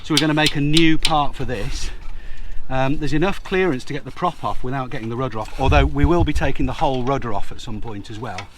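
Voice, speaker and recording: A man's voice: medium pitch, fast. Chatty man in a noisy boatyard. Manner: rambling, chatty, with many fillers. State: out of breath. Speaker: boat owner restoring a yacht. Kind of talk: casual vlog chat. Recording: noisy outdoor boatyard recording.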